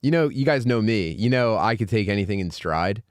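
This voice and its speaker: Lively storytelling man with a low, dry voice. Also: fairly quick, no room sound. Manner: animated storyteller, acts out other people's voices. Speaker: podcast host. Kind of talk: casual podcast chat.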